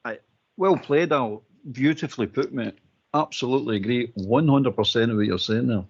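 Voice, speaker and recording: A Scottish caller rings in to a radio phone-in, his husky mid-range voice moving at normal speed through a muffled line. He gives his view with emphasis, repeating his points.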